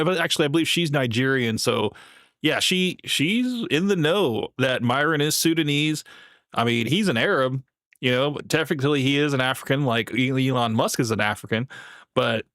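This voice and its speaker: A man's voice: medium pitch, normal speed, fairly bright tone, dry recording, clean studio sound. A man hosting a live stream, chatting casually and rambling with lots of filler words as he reacts to a video. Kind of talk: casual chat.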